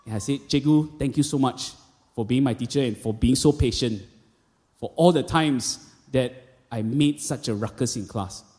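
A Malaysian English-accented pastor in his thirties preaches a sermon, telling stories with quoted voices and casual asides. His mid-range voice has a dark tone at normal speed, and the church auditorium gives the long reverb of a large hall.

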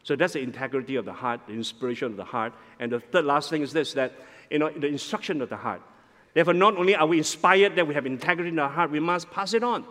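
A man preaching as the senior pastor of a church, animated, often repeating words and asking "all right?" as he goes. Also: fairly high pitch, fast. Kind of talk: sermon. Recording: long reverb of a large hall.

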